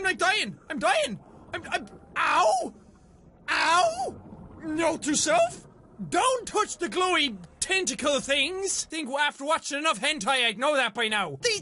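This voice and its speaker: A young man in his twenties giving excitable let's play commentary, swearing often and chatting to the game's characters. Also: very high voice. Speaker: gamer.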